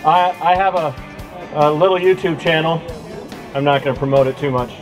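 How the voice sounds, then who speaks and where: A man's voice: fairly high pitch, moderate pace, over music, rough recording. A man giving an impassioned speech to a crowd at an outdoor rally, with a preacher-like cadence. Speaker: rally speaker.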